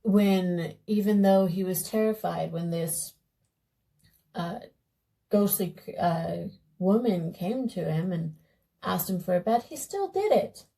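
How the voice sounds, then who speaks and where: A woman's voice: fairly low pitch, expressive, takes it slowly, creaky, dark tone, low-quality recording. A young woman vlogger telling a fairy tale in a casual, meandering way while doing her makeup. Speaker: beauty vlogger.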